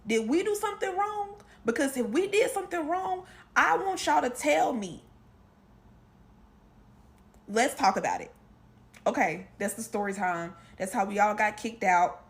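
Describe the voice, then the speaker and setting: A woman with a high voice tells a casual family story straight to her viewers. Her pitch swings widely as she slips in and out of quoted dialogue. Her talk is slangy and animated. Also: measured pace, pauses often. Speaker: storytime creator.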